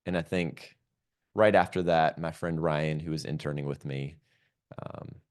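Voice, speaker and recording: A man's voice: very deep voice, fairly even intonation, a little slow. A man speaking as a podcast guest, earnestly and reflectively recounting a personal story, with frequent ums and likes.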